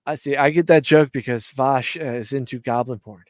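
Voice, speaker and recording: A man's voice: mid-range voice, darkish tone, dry recording. A man from Ireland hosting a live stream, chatting casually in rambling, profane, jokey rants. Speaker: stream host.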